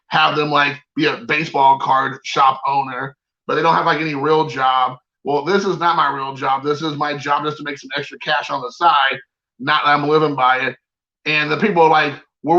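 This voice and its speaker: A man's voice: fairly high pitch, pushed and bright, muffled recording. A man hosting a collector vlog, talking in an exasperated, rambling and slangy way. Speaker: collector channel host. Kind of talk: casual ranting vlog.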